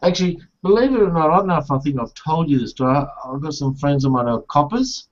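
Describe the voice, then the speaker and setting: A man hosting a casual chat, joking around and rambling through stories, swearing often. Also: quick pace. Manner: rambling, swearing storyteller, jokey. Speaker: host. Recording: muffled low-fidelity audio.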